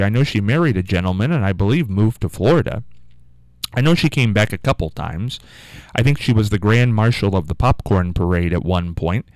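Low-voiced man hosting call-in radio, folksy and rambling, dry close studio mic. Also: darkish tone, clean tone, no echo. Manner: folksy, rambling, with many fillers and restarts. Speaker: radio talk show host. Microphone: studio microphone.

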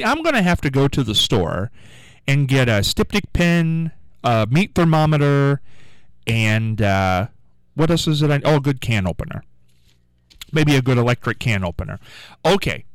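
Man, radio talk host, casual rambling chat, lively pitch, dry close sound. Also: normal speed, no room sound, poor audio. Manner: chatty, rambling, repeats himself.

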